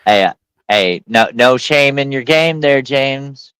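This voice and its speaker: A military veteran chatting casually with friends, laughing and repeating himself. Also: male voice, medium pitch, lively intonation, slow, fairly bright tone, low-quality recording. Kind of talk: casual chat.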